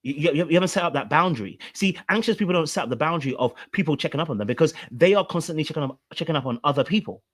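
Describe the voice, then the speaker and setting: A man's voice: fairly high pitch, expressive, racing, hardly any pauses. A man, a relationship coach, commenting on a played clip and explaining with repeated rhetorical questions.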